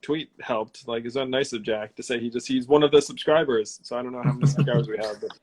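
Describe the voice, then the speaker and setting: A man in his forties chats on a live video stream from his house. He rambles casually, starting sentences over and filling gaps with ums. His voice sits at an ordinary, middle pitch. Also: fast talker, breathy edge. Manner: relaxed, rambling, many fillers and restarts. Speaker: host of an Instagram live Q&A. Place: his home.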